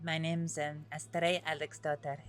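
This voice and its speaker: A woman's voice: low voice, flat delivery, moderate pace, faint music behind, close to an everyday voice. Woman playing giggly Icelandic traveler Astrid. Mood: amused. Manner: giggly, warm and courteous. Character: polite young Nordic woman traveler. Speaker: streamer. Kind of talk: live roleplay in a western game.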